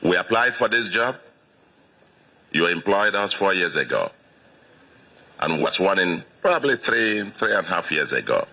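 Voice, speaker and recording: A man's voice: deep voice, big pitch swings, unhurried, long pauses, pushed and bright. A Nigerian man in his sixties, a state governor giving an emphatic victory speech to supporters, repeating phrases for stress.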